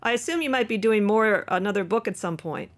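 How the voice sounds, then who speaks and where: A woman's voice: mid-range voice, a little fast. A woman host who wraps up the interview, thanks her guest and signs off to her listeners. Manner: friendly sign-off, thanks the guest. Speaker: podcast host. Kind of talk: closing an interview.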